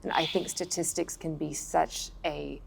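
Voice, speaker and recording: Gravelly low-voiced woman pastor. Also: steady tone, unhurried, slight background noise. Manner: earnest, preacher-like emphasis with repetition. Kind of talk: panel discussion.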